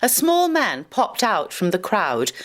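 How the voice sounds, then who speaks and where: A woman narrating a local history documentary in a measured, storytelling way. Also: medium pitch, huge pitch swings, fairly bright tone.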